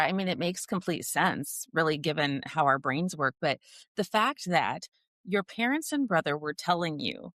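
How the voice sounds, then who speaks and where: A woman's voice: low voice, a bit bright, dry recording, studio quality. A woman hosting a podcast interview, listening closely and reflecting back what her guest said. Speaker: podcast host. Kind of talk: conversational interview.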